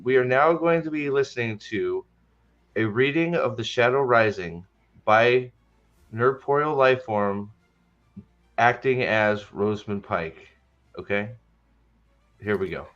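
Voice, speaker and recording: A man's voice: mid-range voice, unhurried, pauses often, a bit bright, highs cut off. A man hosting a livestream podcast, chatting casually with joking, stammering restarts. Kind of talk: casual chat.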